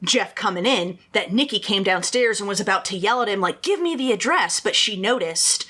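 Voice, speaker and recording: A woman's voice: medium pitch, normal speed, sharp tone. A woman hosting a podcast, telling a true-crime case in a casual, chatty way, full of "like" and "you know" and asides to her listeners. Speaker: podcast host.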